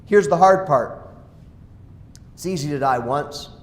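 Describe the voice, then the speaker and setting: A male pastor preaching a sermon, dropping to quiet asides and rising to loud exclamations. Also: a little high, a little slow. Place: church sanctuary. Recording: echoey church hall.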